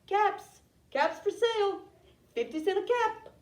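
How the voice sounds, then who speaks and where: A woman voicing an angry male cap peddler who scolds and shouts demands in a storybook reading. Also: extremely high pitch, normal speed, pitched above the performer's own voice. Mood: calling out. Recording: roomy sound from a distant mic.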